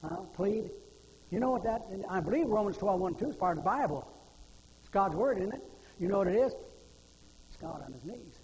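An older male preacher with a high, darkish voice gives a sermon in a church sanctuary, shifting between homespun storytelling and fervent pleading. He speaks briskly with lively intonation and frequent pauses, against a long hall reverb and a faint hum of background noise.

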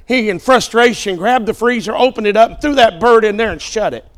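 A man's voice: high voice, a little fast, fairly bright tone. A male preacher at a church service who tells a joke from the pulpit and calls out to the congregation in a folksy, joking way. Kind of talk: sermon with a told joke.

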